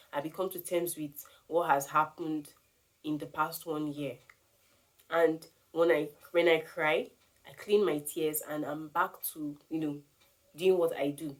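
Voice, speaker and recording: A woman, talking earnestly to camera and giving advice on grief. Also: low voice. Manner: earnest, animated, emphatic. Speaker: vlogger sharing grief advice. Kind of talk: casual talk to camera.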